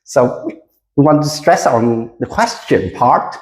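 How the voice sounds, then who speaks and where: An English teacher giving a classroom micro lesson, speaking slowly and deliberately with frequent hesitations and leading the class in repetition. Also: medium pitch, animated. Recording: roomy echo.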